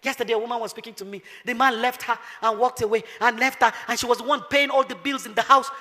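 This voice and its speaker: A woman's voice: a little high, fairly even intonation, quick pace, pushed and bright, long reverb tail. A woman pastor preaching emphatically, firing rhetorical questions and telling stories. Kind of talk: sermon.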